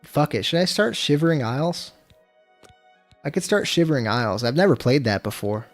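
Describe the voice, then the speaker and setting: A man's voice: fairly high pitch, very animated, normal speed. A young man streaming himself playing a game, talking casually with lots of swearing. He rambles between jokes and irritation, and faint game music plays underneath. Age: young adult. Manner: profane, rambling, easily exasperated. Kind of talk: casual gameplay commentary.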